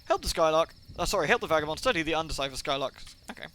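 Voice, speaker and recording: Male streamer, casual read-aloud with asides; bright, faint hiss behind. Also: fairly high pitch, expressive, racing, rough recording. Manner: chatty, reads text aloud with asides and fillers. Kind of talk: casual game-text reading aloud.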